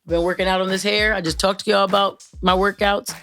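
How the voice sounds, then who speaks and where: A woman hosting her own show, chatting to listeners in a playful, rambling way with fillers and shout-outs. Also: mid-range voice, level tone, fast talker, slight background noise. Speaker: podcast host. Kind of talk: casual solo chat to listeners.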